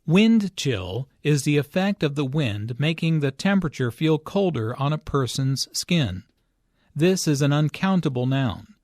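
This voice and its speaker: A man reads an English lesson script, each word spoken slowly and clearly. His voice sits a little high, and the recording is dry and close with no room sound. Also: no echo. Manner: slow, clear, even delivery. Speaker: English teacher.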